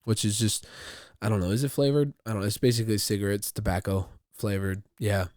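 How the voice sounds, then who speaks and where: A man's voice: on the low side, fairly even intonation, fairly quick, a little mellow, dry recording, studio quality. A man hosting a podcast, talking alone in a casual, rambling way with lots of swearing and repeated words. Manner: rambling, profane, repeats himself. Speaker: podcast host. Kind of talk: casual solo monologue.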